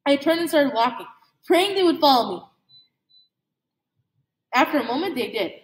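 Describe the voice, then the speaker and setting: High-voiced woman reading a novel aloud. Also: animated. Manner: halting, with slips and restarts. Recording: echoey room.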